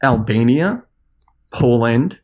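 A man on a podcast as its international correspondent, ranting in an animated, sarcastic way. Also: mid-range voice, slow pace. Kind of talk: podcast chat.

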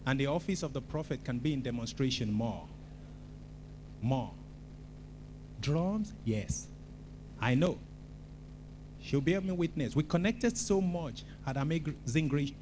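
A man preaching a sermon in a church, talking in an animated, conversational way and repeating phrases for emphasis. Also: mid-range voice, measured pace, long pauses, noisy background. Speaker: pastor.

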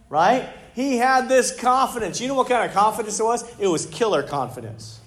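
A middle-aged man preaching a sermon as pastor, conversational and animated, full of rhetorical questions to the congregation. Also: very high-pitched, fairly quick, few pauses.

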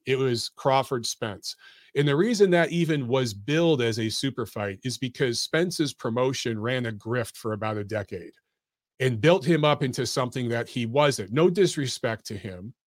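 A man's voice: mid-range voice, no room sound, studio quality. Blunt, lecturing man in his forties. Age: 40s. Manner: blunt, lecturing, addresses listeners as guys. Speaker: podcast host. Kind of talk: opinionated boxing commentary monologue.

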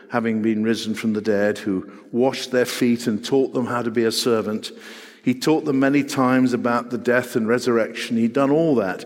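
A middle-aged man preaching a sermon, earnest and full of rhetorical questions, swinging between loud and hushed. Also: mid-range voice, steady tone, moderate pace. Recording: long hall reverb.

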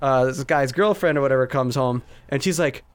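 A man's voice: mid-range voice, a little fast, clear, resonant tone. A young man co-hosting a casual chat, rambling through stories with plenty of fillers and restarts. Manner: rambling, frequent fillers and restarts, animated storytelling. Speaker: podcast co-host.

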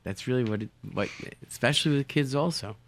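A man's voice: mid-range voice, brisk. A man telling casual anecdotes animatedly, often repeating words as he finds his phrasing. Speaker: storyteller, show guest.

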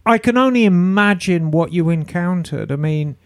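A man hosting a podcast, asking a guest measured, thoughtful questions. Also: high voice, expressive, dry recording, clean studio sound. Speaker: podcast host. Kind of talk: casual podcast interview.

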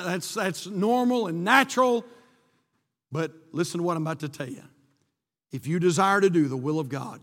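A man's voice: high-pitched, creaky, big-room sound. A male pastor preaching a sermon to his congregation, reading scripture aloud and building to passionate peaks. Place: church sanctuary.

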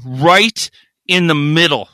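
A man co-hosting a podcast, telling a profane, animated story in casual chat. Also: on the high side, slow, no room sound. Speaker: podcast co-host.

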